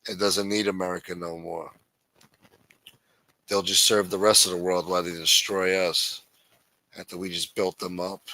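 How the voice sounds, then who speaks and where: A man's voice: low-pitched, level tone, moderate pace, pauses often, bright, forceful tone, no echo, low-quality recording. A man hosting a livestream, ranting in an angry, profane, blunt manner. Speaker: host. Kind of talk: livestream political rant.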